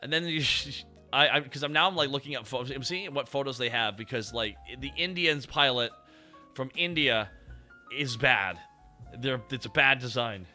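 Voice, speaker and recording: Dude ranting on stream, super sharp bright voice, swears constantly. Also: male voice, medium pitch, moderate pace, soft background music. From Canada. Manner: excitable, swears a lot, laughs often. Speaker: streamer host. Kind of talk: casual stream chat.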